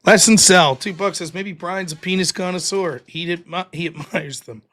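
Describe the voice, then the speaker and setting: A man's voice: high-pitched, normal speed, a bit bright. An American man hosting a live stream, reading viewer donations aloud in a mock-wounded, self-deprecating way. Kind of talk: casual live-stream chat.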